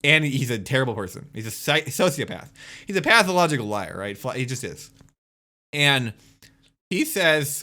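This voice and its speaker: A man's voice: medium pitch, very animated, moderate pace, bright, forceful tone. A young man ranting casually as a streamer, exasperated and swearing as he rebuts a critic point by point.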